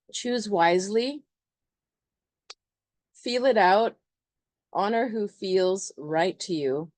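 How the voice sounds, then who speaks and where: A woman's voice: medium pitch, a little mellow, no room sound. A woman astrologer talking through a chart in a chatty, loose way, full of fillers. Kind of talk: casual astrology explanation.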